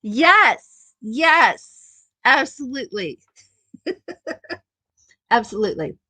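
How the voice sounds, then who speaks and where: A woman's voice: a little high, sing-song, drawn-out words, sharp tone, husky, dry recording. A middle-aged woman hosting a casual live-stream chat, laughing often and repeating her phrases affectionately.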